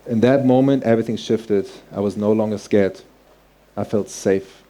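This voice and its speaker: A man's voice: lowish voice, steady tone, moderate pace, dark tone. A man telling a personal story on stage, earnest and heartfelt, in vivid present tense. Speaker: speaker.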